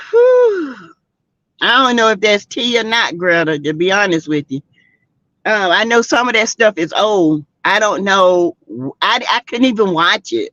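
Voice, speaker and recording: A woman's voice: medium pitch, no room sound. Lady on a gossip livestream, bouncy up and down voice, dull dry lo-fi sound. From South Carolina, US. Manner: animated, exclaims, talks straight to the chat. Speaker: livestream host. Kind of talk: casual gossip livestream chat. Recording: dull lo-fi stream audio.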